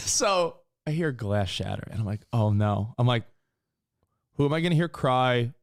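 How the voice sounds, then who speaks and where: A man in his thirties, co-hosting a casual podcast and telling stories in an animated way, swearing casually. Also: medium pitch, moderate pace, vocal fry. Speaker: co-host.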